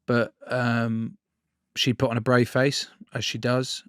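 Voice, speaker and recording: A man in his thirties speaks as a podcast guest, blunt and sweary with a self-mocking edge. His pitch sits mid-range for a man, and the sound is close and dry with no room echo. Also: little pitch movement, takes it slowly, clean tone. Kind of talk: candid conversational storytelling.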